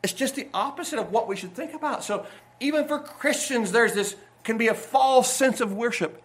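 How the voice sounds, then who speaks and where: A man preaching a sermon in a church, folksy and rambling, with sudden loud bursts. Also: very high-pitched, moderate pace. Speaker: pastor. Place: church sanctuary.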